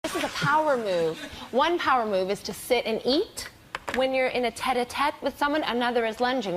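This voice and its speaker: A woman's voice: a little high, fairly quick, a little hiss or hum, low-quality recording. Playful woman demonstrating power moves. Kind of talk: comic demonstration on a panel show.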